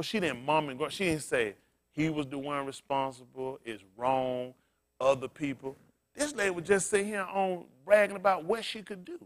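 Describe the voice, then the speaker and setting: A male pastor preaching in an easygoing, conversational way, with a voice that sits a little high for a man. He tells stories and throws rhetorical questions at the congregation, climbing to loud excited peaks and then sinking to near-murmurs. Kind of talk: sermon.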